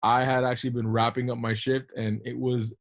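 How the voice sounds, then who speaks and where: A man chatting loosely on a podcast, spinning stories in a relaxed, unhurried way. His voice sits at an ordinary middle pitch. The recording sounds a little dull and lo-fi. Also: gravelly. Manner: laid-back storytelling, says bro and dude. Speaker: podcast co-host. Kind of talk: casual chat.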